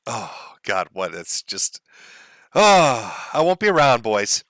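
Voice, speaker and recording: A man's voice: mid-range voice, sing-song, takes it slowly, a bit bright, no room sound. A man hosting a livestream, mocking and sarcastic, swearing and laughing at his own jokes. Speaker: livestream host.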